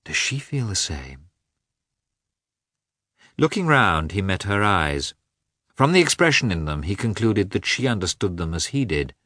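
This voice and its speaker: A man reading a classic novel aloud as an audiobook narrator, in a measured, even manner. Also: fairly low pitch, no echo, clean studio sound.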